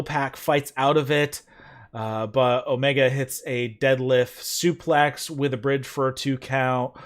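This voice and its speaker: A man hosting a wrestling review podcast, running through match moves in casual, filler-heavy chat. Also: a little high. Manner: play-by-play recap with fillers and laughs. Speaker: podcast host.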